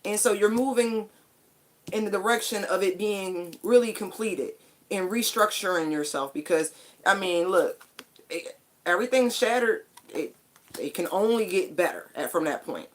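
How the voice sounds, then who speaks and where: A woman's voice: mid-range voice, normal speed. A woman giving a casual spiritual tarot reading, chatty and emphatic, with casual swearing. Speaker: tarot card reader.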